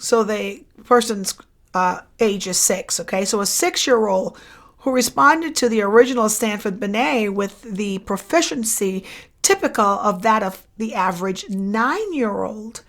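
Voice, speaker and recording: A woman psychology lecturer takes her students through exam review at an unhurried pace. Her voice sits a little high, and she says every answer twice. She keeps checking in with "right?" and "okay?" as she goes. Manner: slow, repeats each question and answer, checks in with "okay?" and "right?".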